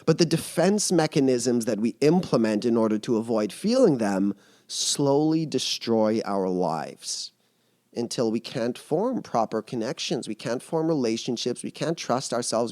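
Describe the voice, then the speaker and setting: A man's voice: medium pitch, normal speed, darkish tone, no echo. Earnest man mentor, dry close sound. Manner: earnest, explains with vivid metaphors. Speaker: emotional mastery mentor. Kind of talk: podcast interview.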